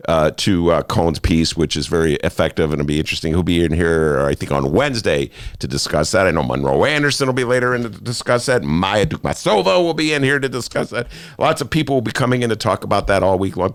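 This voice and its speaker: Sarcastic, animated male talk host. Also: mid-range voice, no room sound, studio quality. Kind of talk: casual political talk. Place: studio.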